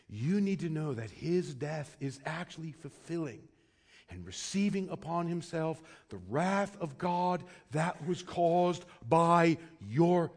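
A man preaching a sermon as pastor, swinging between loud urgent pleading and quiet low asides. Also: husky.

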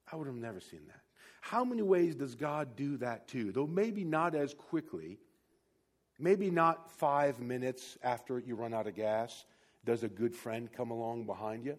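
A man preaching a sermon, telling a personal story with big swings between loud, emphatic peaks and quiet asides. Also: a little high. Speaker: pastor.

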